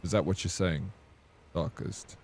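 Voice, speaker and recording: Male streamer, lower register, playful teasing banter while he answers his chat. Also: unhurried, a little mellow, a little hiss or hum. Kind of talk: livestream chat with viewers.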